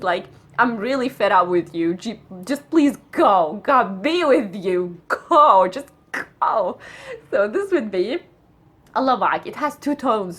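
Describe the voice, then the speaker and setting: A woman teaches everyday expressions in a casual lesson. Her voice sits fairly high and swings widely in pitch as she repeats phrases and acts out how they sound. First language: Arabic. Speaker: Arabic teacher. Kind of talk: casual spoken language lesson.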